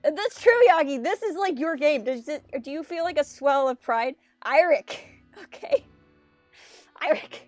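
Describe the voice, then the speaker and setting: A woman's voice: sits high, expressive, unhurried, no room sound, soft background music. A woman streaming a story game, reading its text aloud and joking about it in casual, self-mocking chat.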